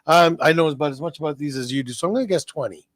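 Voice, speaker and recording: A man's voice: on the high side, no echo. A Canadian man co-hosting a casual comedy chat show, telling rambling stories that halt on fillers. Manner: rambling storyteller, halting with fillers. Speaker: podcast co-host.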